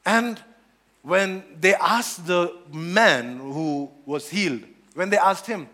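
A man preaching a sermon on scripture, animated, repeating phrases and acting out the quoted voices. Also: high voice, unhurried.

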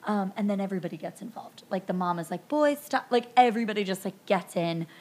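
A woman's voice: medium pitch, fast talker. Chatty woman host recapping a movie. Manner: chatty, lots of ums and likes, animated retelling. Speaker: podcast host recapping a film. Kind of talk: casual recap narration.

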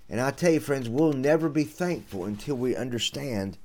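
A man's voice: mid-range voice, normal speed, few pauses, darkish tone. Man, radio preacher, earnest and folksy sermon delivery. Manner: earnest, folksy, addresses listeners as friends. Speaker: radio preacher and podcast host.

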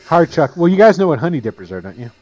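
A man narrating as game master in a tabletop game, lively and full of fillers. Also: on the high side, fast talker. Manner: lively, many fillers and character voices.

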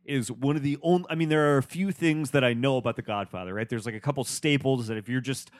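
A man's voice: medium pitch, fast talker, no room sound, studio quality. A man hosting a casual film discussion, rambling and restarting his sentences with many fillers.

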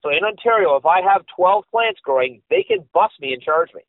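A man's voice: high voice, a little fast, no echo. A Canadian man co-hosting a podcast, arguing and cutting in during casual political chat. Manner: argumentative, animated, interrupting. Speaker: podcast co-host. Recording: dry, tinny phone-like sound.

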